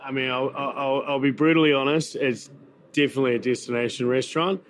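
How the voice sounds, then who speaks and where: A man's voice: medium pitch, fairly even intonation, fast talker, a little hiss or hum. A man with a New Zealand accent, a chef talking in a casual interview, chatty and full of fillers and repeated words. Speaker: chef and restaurant owner. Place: busy event venue.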